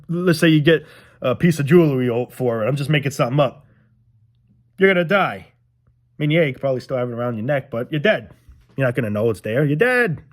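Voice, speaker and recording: A young man ranting casually to his viewers, frustrated and rambling, swearing often and repeating himself. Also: mid-range voice. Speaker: vlogger. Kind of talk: casual rant to camera.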